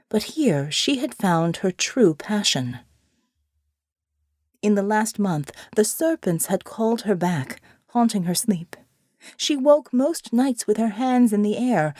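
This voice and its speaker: A woman's voice: fairly high pitch, very animated, measured pace, warm tone, no room sound. Woman narrating an audiobook, dry. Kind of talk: scripted narration.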